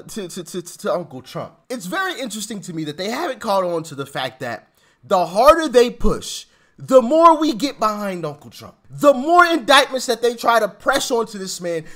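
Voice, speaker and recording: A man hosting a casual political commentary vlog, animated and repetitive, laughing and mocking as he talks. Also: sits high. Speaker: channel host.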